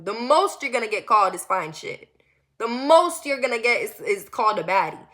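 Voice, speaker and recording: A young woman from the US Northeast telling a personal story in a casual, animated way, acting out quotes and dropping to low murmurs. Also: normal speed. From Connecticut. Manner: animated and candid, acts out quoted lines, drops to low murmurs.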